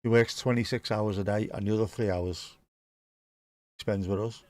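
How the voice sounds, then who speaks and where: A man's voice: on the low side, fairly even intonation, moderate pace, darkish tone, dry recording. A man hosting a live match watchalong, chatting casually and rambling between dad jokes. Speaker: watchalong host.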